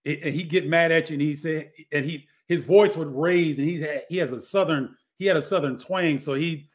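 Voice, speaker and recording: Middle-aged man telling stories, higher voice. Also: moderate pace. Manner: storytelling, many restarts. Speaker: guest, former basketball player. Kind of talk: casual interview talk.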